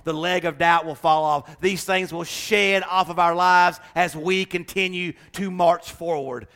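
A man preaching a sermon to his church. He builds to passionate shouts and breaks into laughing asides. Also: a little high. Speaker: pastor.

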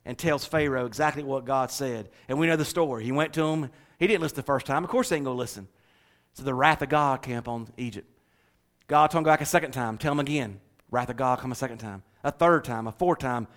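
A male pastor delivering a sermon to his church in an animated, emphatic way with humorous asides. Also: medium pitch.

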